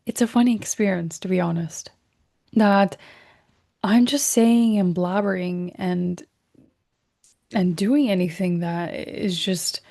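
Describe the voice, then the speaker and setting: A woman runs a recorded self-help workshop, speaking softly and thoughtfully, revising her sentences as she goes and whispering the important words. Her pitch is medium.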